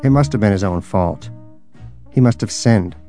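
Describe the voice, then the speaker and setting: Low-voiced man telling a wry story. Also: expressive, moderate pace, warm tone, faint music behind. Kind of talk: scripted narration.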